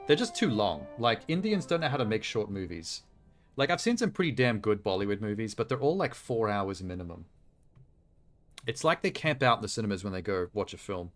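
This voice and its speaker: A man's voice: fairly low pitch, very animated, brisk. Blunt, joking male streamer. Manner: blunt, profane, joking asides. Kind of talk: casual live-stream gameplay commentary. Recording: game music playing behind.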